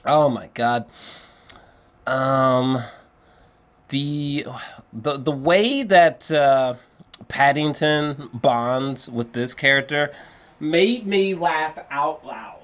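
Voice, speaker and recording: A man giving a casual spoken film review, rambling and excitable, with lots of fillers and restarts and free swearing. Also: mid-range voice, drawn-out words, long pauses. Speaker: movie reviewer.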